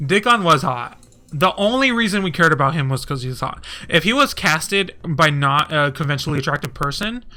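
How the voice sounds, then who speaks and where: A man streaming casually, rambling and swearing, and getting heated and animated as he talks. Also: a little high, normal speed. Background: faint music.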